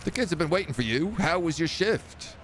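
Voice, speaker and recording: A man's voice: on the high side, expressive, fairly quick, a little hiss or hum, voice pushed up, close to an everyday voice. A man voicing a doting, caring working-class wife with a sweet, raised voice in a video game read-aloud.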